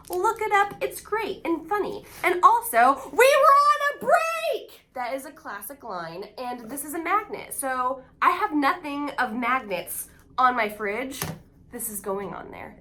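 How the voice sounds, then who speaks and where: Bubbly high-voiced woman vlogger. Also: slight background noise. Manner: excitable and gushing. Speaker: AuthorTube vlogger. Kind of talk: casual unboxing vlog.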